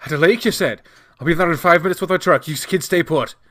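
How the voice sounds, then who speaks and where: An actor playing a worried, remorseful older cafe owner who talks loudly with a shaky voice. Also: male voice, mid-range voice, fairly even intonation, normal speed, close to an everyday voice. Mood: alarmed. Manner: shaky, loud with worry.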